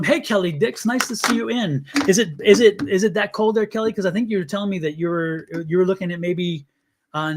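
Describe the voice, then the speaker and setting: A man's voice: high voice, slight background noise. A man hosting a live tarot stream, talking to viewers in an earnest, blunt and chatty way. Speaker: tarot reader and livestream host.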